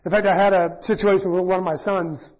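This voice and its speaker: A middle-aged pastor teaching in a casual, self-deprecating sermon, often acting out quoted voices. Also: male voice, sits high, little pitch movement, a little fast. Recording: dull lo-fi church audio.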